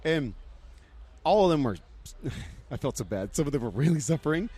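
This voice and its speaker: A man, a podcast guest, telling an excitable story and acting out the voices of people he met. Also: fairly high pitch, moderate pace, breathy edge, no room sound. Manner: excitable storyteller, acts out what others said. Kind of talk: casual chat.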